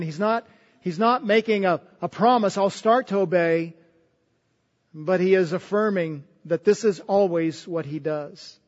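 A man preaching a sermon in an earnest way, often repeating words as he goes. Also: sits high. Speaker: pastor. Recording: dull sound with long hall reverb.

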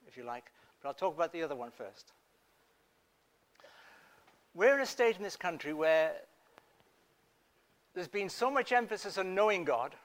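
A man preaching a sermon in an earnest manner, dropping to a hush and then rising to emphatic points. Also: high voice. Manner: earnest, swings from hushed to emphatic.

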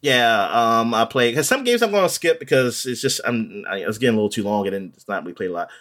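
A man's voice: medium pitch, lively intonation, fast talker, a bit bright. Rambling man chatting casually. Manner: rambling, with many ums and restarts. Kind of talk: casual chat about video games.

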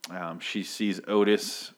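A man's voice: low voice, fairly even intonation, takes it slowly. A man casually recapping a comic book issue, rambling and profane, with many filler ums and restarts.

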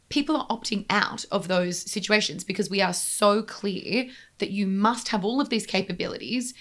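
A woman speaking earnestly in a conversational interview, emphatic and quickening when she drives a point home. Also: medium pitch, fairly bright tone.

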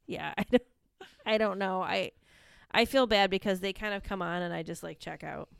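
A woman's voice: mid-range voice, normal speed, gravelly, clean tone, no room sound, studio quality. Giggly woman podcast co-host. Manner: animated, giggly, hesitant at times. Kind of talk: casual wrestling recap chat.

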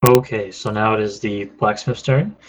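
A man's voice: on the low side, fairly even intonation, normal speed, rough recording. A man acting as game master in a tabletop game, calling rolls and enemy moves in a matter-of-fact way. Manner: matter-of-fact rules calls.

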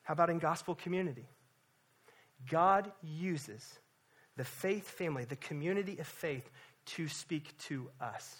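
A man pastor delivering a sermon at a church service, impassioned, swinging between hushed and loud emphasis and repeating words for weight. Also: a little high, lively intonation, measured pace, husky.

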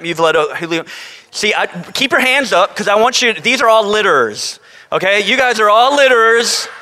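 A man preaching a sermon as pastor, animated, with joking asides to the congregation. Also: high-pitched. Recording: long reverb of a large hall.

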